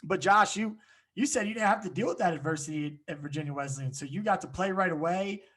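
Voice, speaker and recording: Male host and coach, slightly high voice: eager, chatty, quick to laugh. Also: fairly bright tone. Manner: eager, chatty questioner who laughs often. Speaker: podcast host and lacrosse coach. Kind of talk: casual podcast interview.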